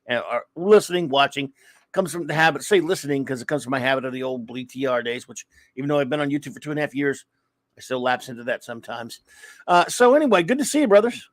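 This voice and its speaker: A man hosting a live comics talk show, chatting casually and rambling through friendly shout-outs to viewers in the chat. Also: medium pitch, animated, fast talker, dry recording. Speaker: podcast host.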